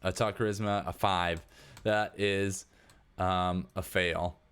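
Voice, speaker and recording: A man's voice: low voice, level tone, slow pace, fairly bright tone, smooth. A man narrating casually as game master of a tabletop game. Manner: casual, rambling with fillers.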